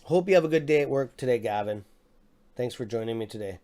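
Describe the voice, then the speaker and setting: A man hosting a casual live stock market stream from his desk mic, excitable and quick to react, muttering and apologizing now and then. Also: mid-range voice. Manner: excitable, swears under his breath, apologetic. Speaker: livestream host. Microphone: desk microphone.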